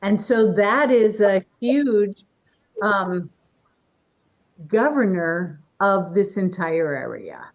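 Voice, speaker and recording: A woman presenting an energy-healing workshop demonstration in an indoor event room, gently encouraging and guiding a participant. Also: medium pitch, expressive, slow pace, poor audio.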